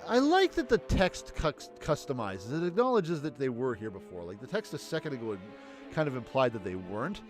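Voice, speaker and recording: A man's voice: mid-range voice, big pitch swings, brisk, music in the background. A man streaming a video game, chatting casually and joking as he reads the story aloud. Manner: chatty, joking, often laughing. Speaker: let's-play streamer. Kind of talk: casual game commentary, reading dialogue aloud.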